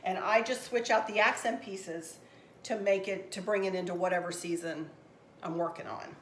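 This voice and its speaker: In a mid-range voice with fairly even intonation and a moderate pace, a middle-aged craft channel host chats through a tutorial at home. She rambles cheerfully, and the recording picks up room echo and faint background noise.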